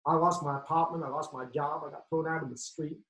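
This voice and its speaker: A dejected young man, drunk and out of work , voiced by a male performer, speaks low and defeated. His words carry an echo from the room. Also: fairly even intonation, brisk. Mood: downcast. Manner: quiet and defeated. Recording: echoey room.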